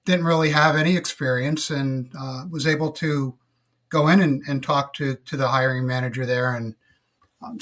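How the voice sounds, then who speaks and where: A middle-aged man speaking as a podcast guest, telling stories about his early career in a relaxed, reflective way with plenty of filler words. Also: mid-range voice. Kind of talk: casual interview storytelling.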